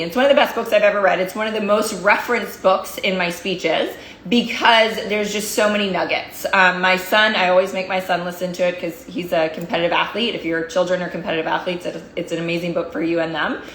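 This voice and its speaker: In an echoey, spacious room, a woman coach rallies her followers with emphatic, repetitive motivational lines. She speaks fairly quickly in a lowish, steady, slightly bright voice.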